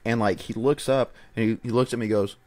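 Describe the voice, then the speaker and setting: A man co-hosting a casual podcast, telling a story in a halting, stammering way and often dropping his voice. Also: mid-range voice, steady tone, a little mellow, slight background noise. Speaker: podcast co-host.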